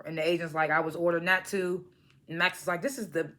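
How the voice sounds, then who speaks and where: A woman recaps a TV drama in a loose, conversational way. Her voice sits a little low but sounds bright and forward. She slips into the characters' lines as she goes. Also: moderate pace, pauses often. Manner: animated retelling, acts out characters' lines, frequent laughs. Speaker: TV episode reviewer. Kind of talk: casual recap vlog.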